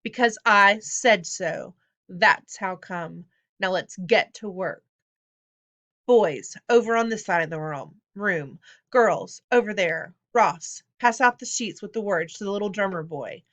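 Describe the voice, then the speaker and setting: A woman's voice: medium pitch, unhurried, close to an everyday voice. A woman voicing an earnest young boy who leads a school chorus and turns stern and commanding. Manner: pleading then commanding. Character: bossy young boy choir leader, earnest.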